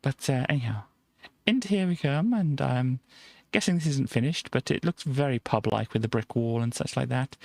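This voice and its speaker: A man's voice: mid-range voice, gravelly, no room sound. A man streaming a game, giving a playful, chatty tour of a build and tossing in silly sound effects. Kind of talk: casual gameplay commentary.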